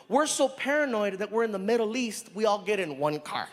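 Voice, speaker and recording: A man doing stand-up, telling a story in a lively, conversational way and acting out the scenes. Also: high-pitched, brisk. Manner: animated, conversational, acts out scenes. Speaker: stand-up comedian. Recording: live stand-up in a hall with reverb.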